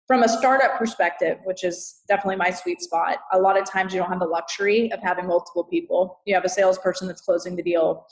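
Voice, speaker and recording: Texan woman, podcast guest, earnest and emphatic, mid-pitched, echoey room. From Texas. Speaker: guest, customer success consultant. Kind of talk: podcast interview. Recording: roomy echo.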